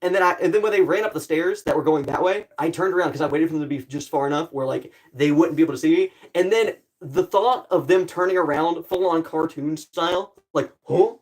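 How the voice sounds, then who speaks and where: A young male streamer chatting loosely to his viewers. He talks in playful, rambling bursts full of "like," with a voice that sits a bit higher than most men's. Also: darkish tone. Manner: rambling and playful, many "like" fillers, quick bursts. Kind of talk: casual livestream chat.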